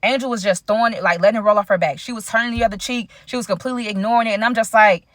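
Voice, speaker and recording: A young adult woman vlogger telling a casual storytime, animated and slangy, talking straight to her viewers. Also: medium pitch, racing, dry recording, studio quality.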